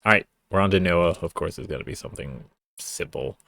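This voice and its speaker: A man's voice: low-pitched, a little fast, gravelly, sharp tone, no room sound, studio quality. A young man giving casual stream commentary, sarcastic and profane, wandering off into rambling asides. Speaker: streamer reacting to a song.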